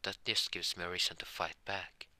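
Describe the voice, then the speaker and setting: A man voicing a sneering drunk male thief who taunts a child, in a low voice with a hard, bright edge. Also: flat delivery, normal speed, no room sound. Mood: mocking. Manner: mocking, taunting.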